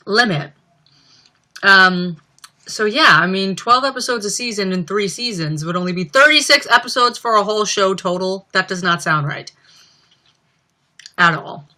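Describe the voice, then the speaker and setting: Bright-voiced chatty young woman streamer. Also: medium pitch. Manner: chatty, rambling, many "um" and "like" fillers. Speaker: livestream host. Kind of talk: casual livestream chat, reading viewer comments.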